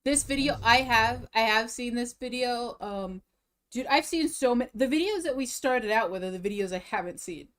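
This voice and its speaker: A woman's voice: fairly high pitch, animated, moderate pace, fairly bright tone. Breathless, rambling young woman streamer. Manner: rambling, restarts sentences, chatty. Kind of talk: casual live-stream chat.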